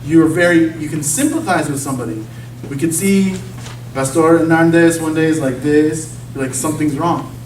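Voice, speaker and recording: In a church sanctuary, a man gives an informal, sermon-style talk, speaking conversationally and often checking in with "okay?" and "you see?" His fairly high voice moves at a moderate pace, picked up by a distant mic in an echoey room with slight background noise.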